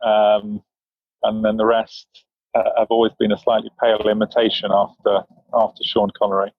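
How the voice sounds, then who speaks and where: British male physician, 50s, measured and dry, level low voice, muffled dry recording. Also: monotone, dry recording. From England. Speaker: guest physician. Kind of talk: interview answers.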